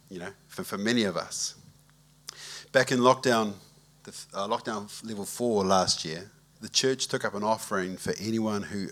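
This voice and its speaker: In a laid-back, conversational sermon, a man serving as pastor tells an easygoing story and invites a show of hands from the congregation. His pitch is fairly low.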